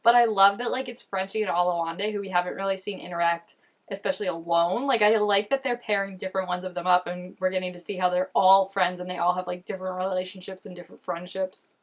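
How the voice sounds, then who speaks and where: A woman in her twenties giving chatty, animated reaction commentary while watching an episode, with lots of "like" fillers. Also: on the low side, quick pace. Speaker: reaction channel host.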